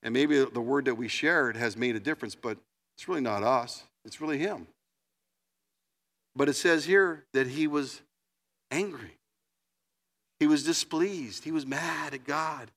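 A man preaching a sermon as a pastor, in a conversational, animated style, acting out voices as he tells the story. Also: mid-range voice, unhurried, pauses often.

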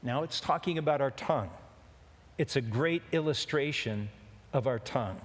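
A man's voice: mid-range voice, animated, normal speed. A man preaching a sermon, telling a rambling, joking story in a folksy way. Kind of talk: sermon with a told anecdote. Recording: long hall reverb.

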